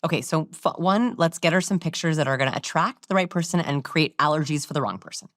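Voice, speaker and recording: A woman guest explaining body language in an interview, animated and sometimes acting out how others talk. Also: low-pitched, fast talker. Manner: animated, demonstrates voices while explaining.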